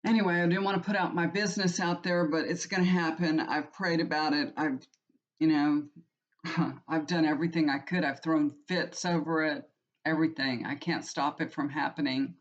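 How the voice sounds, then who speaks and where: A woman's voice: low-pitched, fairly even intonation, moderate pace. A woman, chatting to her viewers in a rambling, heartfelt way full of restarts. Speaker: tarot reader and channel host. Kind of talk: casual personal chat to viewers. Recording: muffled lo-fi recording.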